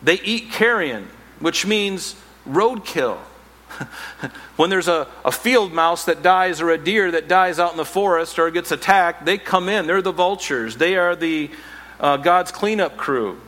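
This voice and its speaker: Animated male pastor in a reverberant hall. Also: high-pitched, measured pace. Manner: animated, playful asides and self-mocking humor. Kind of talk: sermon.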